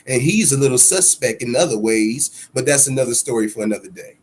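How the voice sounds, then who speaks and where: A man's voice: animated, a little fast, slightly rough. A man hosting a boxing podcast alone, ranting heatedly with profanity and repeating himself for emphasis. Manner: heated, profane ranting with sudden swells in pitch and loudness. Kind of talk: solo podcast commentary.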